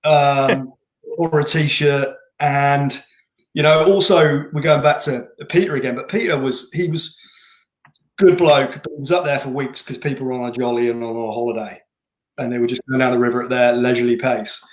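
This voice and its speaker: A man's voice: mid-range voice, steady tone, normal speed. A man, a race director talking bluntly in a casual interview, laughing easily and restarting his sentences. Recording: roomy echo.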